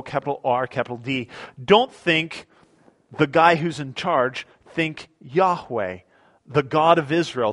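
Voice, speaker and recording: A male pastor preaching a Sunday sermon from the pulpit, his voice sitting slightly above the usual male range. He talks in a relaxed, conversational way, often doubling words as he restarts a thought. At times he drifts a little off his microphone. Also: on the high side. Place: church sanctuary.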